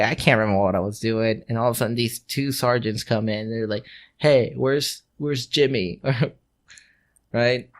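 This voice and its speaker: A man's voice: medium pitch, fairly bright tone. A man co-hosting a podcast, telling a story in casual chat, swearing freely, laughing, and acting out the people he quotes. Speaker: podcast co-host.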